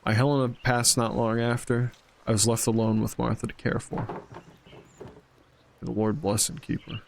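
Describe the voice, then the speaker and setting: A man's voice: mid-range voice, little pitch movement, normal speed, creaky, a little hiss or hum, close to an everyday voice. A man voicing a grieving, stubborn old male villager from a narrative game, reading the lines aloud in a plain voice.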